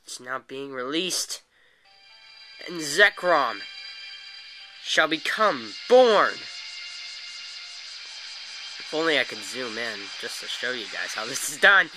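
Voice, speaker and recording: A man narrating his video game playthrough as a let's play host, excitable and quick to gasp and exclaim at what happens on screen. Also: mid-range voice, faint music behind. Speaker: gaming channel host.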